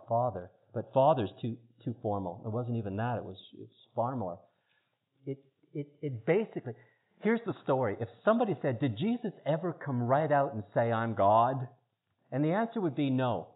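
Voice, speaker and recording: A man giving an informal teaching talk, chatty and halting, often repeating words as he searches for phrasing. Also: mid-range voice. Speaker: preacher. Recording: tinny phone-like sound.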